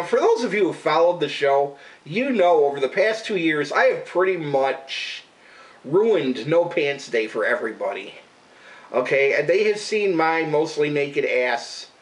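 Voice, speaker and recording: A man's voice: fairly high pitch, recorded from a distance, low-quality recording. Swearing, rambling man ranting. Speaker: radio show regular and vlogger. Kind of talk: casual profane rant to camera.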